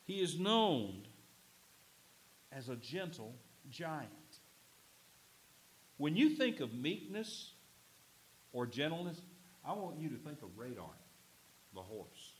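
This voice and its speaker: A pastor preaching a sermon, animated and humorous, swinging between loud emphasis and quiet asides to the congregation. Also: male voice, fairly high pitch, slow pace, long pauses, poor audio.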